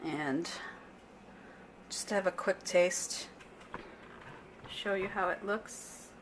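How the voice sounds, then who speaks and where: A woman's voice: on the low side, slow, slight background noise. A middle-aged woman chats her way through a home cooking demo in an easygoing, unscripted voice. She often trips over a word and backs up to fix it. Pots and cutlery clink faintly behind her in the kitchen. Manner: chatty and unpolished, restarts and corrects herself. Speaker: home cook vlogger. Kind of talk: casual cooking demonstration. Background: clinking pots, pans and cutlery.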